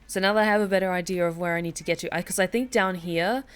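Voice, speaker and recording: A woman streaming a video game, thinking aloud in casual commentary with quick asides and the odd mild curse. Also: lowish voice, steady tone, clear, resonant tone.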